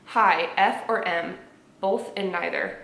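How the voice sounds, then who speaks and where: A young woman at home, reacting to memes with sarcastic, animated commentary, laughing often and dropping into muttered asides. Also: on the low side, slow, vocal fry, roomy sound. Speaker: video creator reacting to memes. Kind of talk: casual commentary vlog. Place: home apartment.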